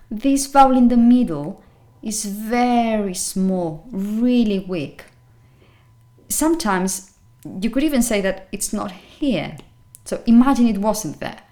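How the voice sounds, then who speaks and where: A woman teaching English pronunciation, saying each word slowly and repeating it with care. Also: mid-range voice, warm tone. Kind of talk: pronunciation lesson.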